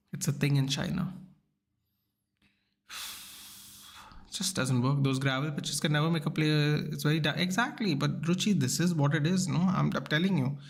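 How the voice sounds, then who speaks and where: Creaky-voiced man ranting. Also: mid-range voice. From Goa, India. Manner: frustrated ranting, replying to chat. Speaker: watchalong streamer. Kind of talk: live stream chat.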